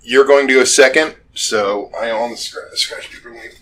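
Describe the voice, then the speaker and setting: A man's voice: mid-range voice, moderate pace, fairly bright tone. Hesitant man running a tabletop game. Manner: hesitant, filler-heavy narration. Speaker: dungeon master. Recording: distant mic, faint room noise.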